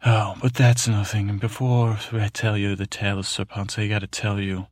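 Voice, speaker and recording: A man's voice: on the low side, level tone, normal speed, dry recording, natural voice. A man voicing a timid, fearful young prince who tells a rambling, stammering bedtime story. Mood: timid, fretful. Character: timid young boy king's brother, fearful, meek. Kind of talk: bedtime story to help sleep.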